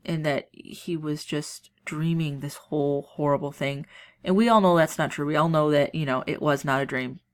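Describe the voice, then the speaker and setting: A young woman teaching an English lesson with a low-pitched voice. She explains a poem casually, full of ums and restarts as she thinks aloud. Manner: chatty, filler-heavy explaining with frequent restarts. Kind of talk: recorded class lesson on a poem.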